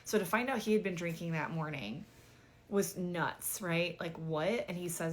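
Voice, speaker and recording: A woman's voice: on the low side, moderate pace. A woman vlogger telling a dating story in a chatty, exasperated way, full of "like" and casual swearing.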